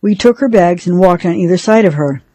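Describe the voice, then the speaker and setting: A woman reading a novel aloud for a radio reading service, in a measured storytelling manner. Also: on the low side, dark tone, dry recording, low-quality recording. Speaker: radio reader.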